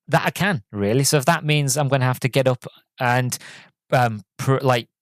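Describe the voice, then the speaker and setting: A man's voice: mid-range voice, dry recording. Male podcast host, mid-range voice, casual rambling review with many restarts, dry sound. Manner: rambling, self-correcting retelling. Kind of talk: solo movie review chat.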